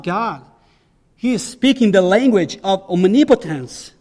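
A man's voice: high voice, animated, a little slow, a little mellow, big-room sound. A man preaching a sermon as a pastor, emphatic and repeating key phrases for weight.

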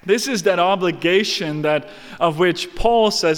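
High-voiced preacher in a reverberant hall. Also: male voice, unhurried. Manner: emphatic, dramatic storytelling, rhetorical questions. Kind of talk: sermon.

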